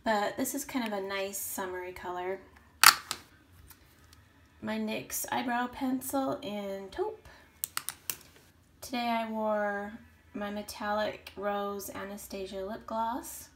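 A woman vlogger chatting casually through her makeup, rambling a bit and often clearing her throat. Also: medium pitch, steady tone, takes it slowly, pauses often, heavy background noise. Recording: roomy echo.

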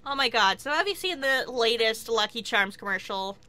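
A woman chatting casually while playing a video game, excitable and quick to swear and laugh. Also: a little high. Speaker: game streamer. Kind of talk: casual gameplay commentary.

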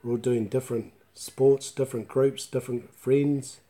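A man teaching Māori in a relaxed live online class, mixing Māori words into chatty English and joking with viewers. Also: mid-range voice, normal speed. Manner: laughs easily and jokes with viewers.

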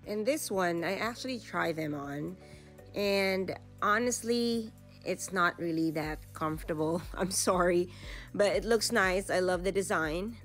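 A woman's voice: on the low side, measured pace, faint music behind. A woman vlogger giving casual shop-along narration inside a retail store, chatting about the items as she browses. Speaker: vlogger host.

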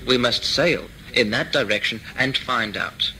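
A man's voice: medium pitch, measured pace, sharp tone, slight background noise, poor audio. Man reading as a stubborn ship captain. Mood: insistent.

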